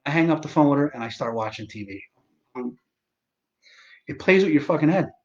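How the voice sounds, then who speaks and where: A man's voice: a little high, expressive, brisk, highs cut off. A man in his forties hosting a live stream, telling a story in a rambling, profane way full of restarts and asides. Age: 40s.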